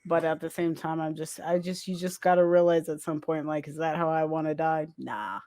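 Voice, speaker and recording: A man's voice: on the high side, fairly even intonation, brisk, a little mellow, dry recording. Dry, close-miked rambling guy. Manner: rambling, self-mocking storytelling with profanity. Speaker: podcast co-host. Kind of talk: casual comedic chat.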